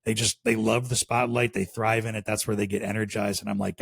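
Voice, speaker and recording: Male guest, Chicago accent, low husky voice, dry recording, loose conversational delivery. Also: fairly quick, hardly any pauses, no room sound. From Chicago area. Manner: relaxed, rambling with many fillers. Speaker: podcast guest. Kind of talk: casual interview chat.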